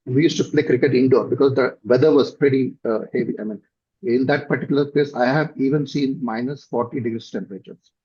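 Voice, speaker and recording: A middle-aged man with a South Indian accent gives interview answers in a husky voice at an average pitch for a man. He talks thoughtfully and haltingly, pausing on fillers and restarting phrases. The recording sounds dull and lo-fi. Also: fairly even intonation. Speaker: company director, guest.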